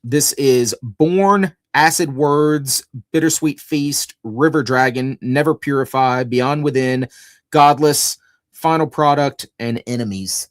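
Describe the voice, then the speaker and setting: A man's voice: medium pitch, no room sound, studio quality. A man co-hosting a podcast, telling stories and reading out lists at an easy pace in casual chat. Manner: laid-back storyteller, reads lists slowly. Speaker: podcast co-host.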